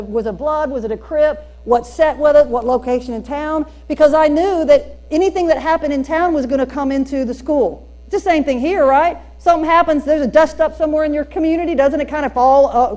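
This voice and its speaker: High-voiced Southern woman telling stories. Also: highs cut off. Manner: animated, folksy storytelling with emphatic punchlines. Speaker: speaker at a teacher training day. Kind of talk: storytelling keynote talk. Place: church hall used for a school district training.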